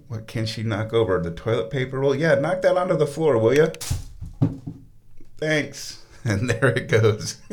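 A man in a bathtub, rambling casually and slipping into high baby-talk to his cat. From United States. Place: bathroom, sitting in a bathtub.

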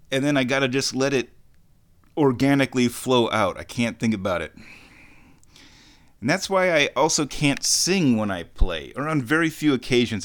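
A man's voice: mid-range voice, fairly bright tone. A man hosting a radio show, talking casually on his own in a rambling, easygoing, chatty way. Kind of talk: casual solo radio talk.

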